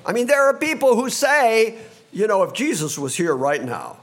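A man preaching a sermon as a pastor, animated and expressive, sometimes acting out confused voices from the passage. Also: sits high, moderate pace.

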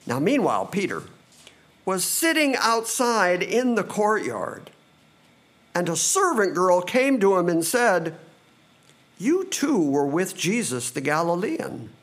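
A man preaching a sermon, reading scripture slowly and dramatically, then speeding up for asides. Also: sits high, big pitch swings, a bit bright. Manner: slow and dramatic, quickening in asides.

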